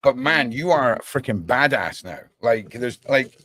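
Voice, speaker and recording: A man hosting a casual livestream chat, animated and talkative, often checking in with "right?". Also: mid-range voice, a little slow. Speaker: podcast host.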